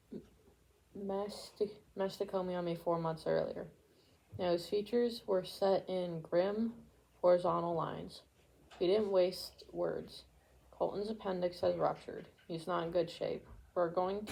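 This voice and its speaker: A woman with a low, gravelly voice reads a book aloud. Her tone is dark and mellow. She keeps a steady pace, stumbling now and then and starting a word over. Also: poor audio. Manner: steady reading with occasional stumbles and restarts. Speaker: audiobook reader. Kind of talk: amateur book reading aloud.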